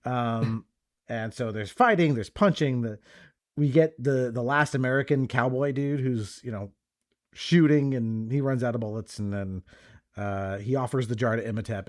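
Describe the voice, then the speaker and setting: A man guesting on a podcast who retells scenes in a loose, easygoing way and leans on fillers. His voice sits at a middle pitch. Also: normal speed. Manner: relaxed recapping, many fillers. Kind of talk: casual movie discussion.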